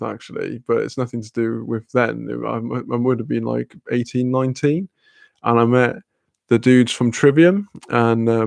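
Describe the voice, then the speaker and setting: A young man rambles through a story on a casual stream, swearing, laughing and acting out bits of dialogue. His voice has a gravelly fry to it and sits at an ordinary male pitch. The sound is dry and close, with no room around it. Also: a little mellow, no room sound.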